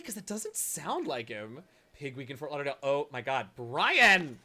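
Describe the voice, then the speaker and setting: A man streaming a video game, giving casual, excitable, joking commentary and sometimes swearing or yelping. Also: mid-range voice, moderate pace. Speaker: gaming streamer. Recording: voice over loud game music.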